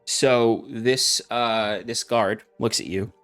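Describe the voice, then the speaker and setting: A man narrating as game master, describing scenes in a relaxed way with fillers. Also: mid-range voice, takes it slowly, smooth, soft background music.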